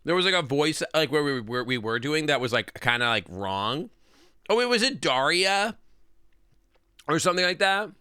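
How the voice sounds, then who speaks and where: Male streamer, casual joking chat, rambling with fillers, lively pitch, dry close sound. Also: normal speed, clear, resonant tone, dry recording.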